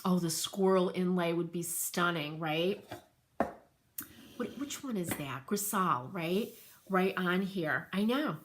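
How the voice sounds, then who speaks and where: A middle-aged woman with a New England accent hosting a livestream show and tell, gushing and excitable and laughing often as she reads viewer comments. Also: fairly low pitch, takes it slowly, background noise. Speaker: host of a furniture painting livestream.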